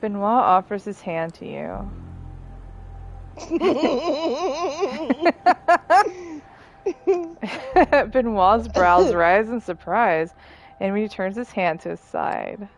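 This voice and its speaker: Slow-paced woman narrating a game. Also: a little high, lively intonation, slight background noise. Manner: measured, descriptive narration. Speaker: game master.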